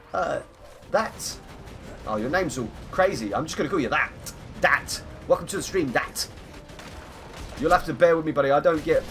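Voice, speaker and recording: A man's voice: mid-range voice, a bit bright. A young man streaming a game live, chatting in a rambling, self-mocking way and greeting viewers by name. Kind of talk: casual live-stream gaming chat.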